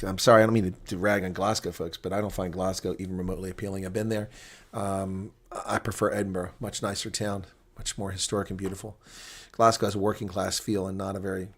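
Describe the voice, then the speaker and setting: A man's voice: deep voice, steady tone, quick pace, breathy edge. A man chatting casually on a live stream, rambling between viewer comments and rugby talk.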